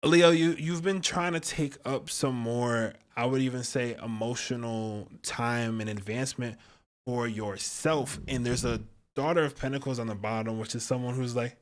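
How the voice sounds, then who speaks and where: A man's voice: mid-range voice, fairly even intonation, normal speed. A man giving a casual tarot reading on a live stream, chatty and slangy, talking straight to his viewers and laughing often between thoughts. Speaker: astrologer and tarot reader.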